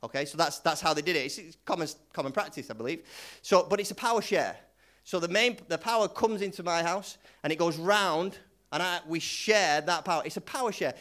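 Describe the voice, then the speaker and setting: High-voiced conversational male pastor. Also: brisk, a bit bright. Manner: conversational, repetitive, lots of restarts; leads the congregation in call-and-response. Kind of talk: sermon.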